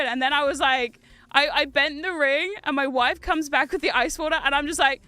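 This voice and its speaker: Bright high-voiced chatty young woman. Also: brisk. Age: 30s. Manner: chatty, animated storytelling with laughs and swearing. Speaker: streamer. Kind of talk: casual gaming stream chat. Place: home gaming room.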